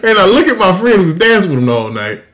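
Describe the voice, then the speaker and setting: A man hosting a podcast, telling a crude story in a profane, animated way and laughing often. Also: high-pitched, fast. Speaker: podcast host. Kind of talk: casual storytelling.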